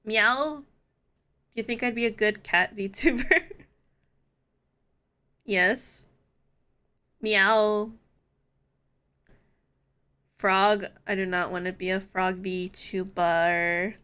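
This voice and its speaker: A woman's voice: mid-range voice, steady tone, slow, sharp tone, smooth. A woman live-streaming in casual chat, playful and giggly, swearing freely.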